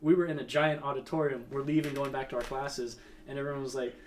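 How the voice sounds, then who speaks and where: A man's voice: medium pitch, flat delivery, fast, slight background noise. A young man telling a rambling, laughing story in casual chat, swearing freely.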